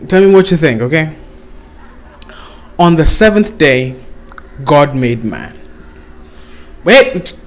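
Profane storytelling comedian man. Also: on the high side. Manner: casual, profane, often laughing at his own jokes.

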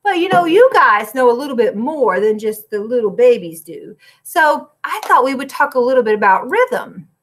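A woman's voice: fairly high pitch, very animated, normal speed, hardly any pauses, a bit bright. A woman music teacher, recording a lesson for young children from her classroom, clapping and chanting rhythms and breaking into short sung lines.

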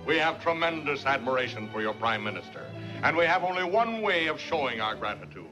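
An actor playing a plain-spoken American senator in a 1950s film, speaking in a blunt, businesslike way. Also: male voice, mid-range voice, very animated, a little fast, lightly acted. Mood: orating. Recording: dull 1950s film soundtrack with music.

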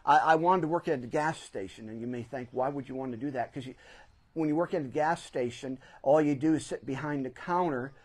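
A middle-aged pastor preaching in a church, his voice sitting a little high for a man. He tells a story from his own life and leans hard on the phrases that matter. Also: a little fast. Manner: storytelling, emphatic swells on key phrases. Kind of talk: sermon. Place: church sanctuary.

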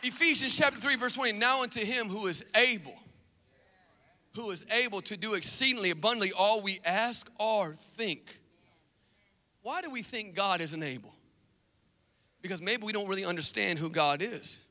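A man preaching an animated church sermon, with shouted refrains and casual, chatty asides. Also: high voice, moderate pace, long pauses, long reverb tail, a faint crowd. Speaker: pastor. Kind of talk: energetic sermon.

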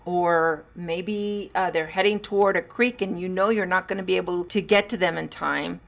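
A woman hosting a solo podcast and talking through parenting advice. She is a former teacher, and she moves between hushed asides and bursts of laughter. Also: fairly low pitch, normal speed, gravelly. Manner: animated, drops to hushed tones and laughs while telling stories. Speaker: podcast host.

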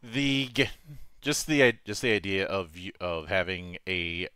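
A man's voice: deep voice, expressive, a little slow, sharp tone, clean tone, no echo, clean studio sound. A man hosting a casual interview, often stumbling and restarting his words. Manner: stammering restarts, repeats words. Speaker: host.

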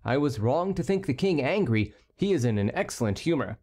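A man's voice: mid-range voice, big pitch swings, brisk, dark tone. A man doing a fretful old nobleman. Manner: despairing, pleading. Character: anxious older nobleman, fretful father-in-law.

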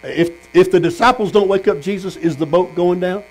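Fairly high-voiced preacher man. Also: moderate pace, rough recording. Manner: storytelling, asks the congregation questions. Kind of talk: sermon. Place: tent meeting.

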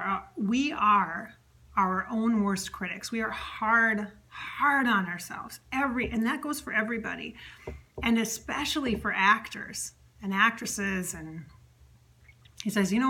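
A woman medium talking alone, chatty, relaying an unseen spirit's words and often dropping to a soft whisper. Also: mid-range voice. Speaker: psychic medium. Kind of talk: solo channeling monologue.

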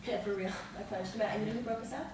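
A woman on a panel, telling animated, salty anecdotes to an audience in a large hall. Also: mid-range voice, very fast. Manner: animated storyteller, salty language. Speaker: guest on a panel. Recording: echoey hall from far off, noisy.

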